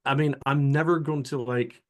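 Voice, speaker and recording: A man's voice: mid-range voice, steady tone, normal speed. A man, a guest who is a professional dungeon master, chatting casually in a rambling, self-deprecating way with lots of fillers. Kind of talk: casual chat.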